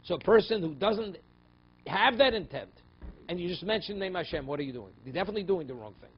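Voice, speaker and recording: A man's voice: sits high, expressive, fast talker, highs cut off, slight background noise. A man, a rabbi, teaching a daily Talmud class, explaining in English mixed with Hebrew and Aramaic terms and checking in with "right?" and "okay?". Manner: rhetorical questions, frequent "right?" and "okay?".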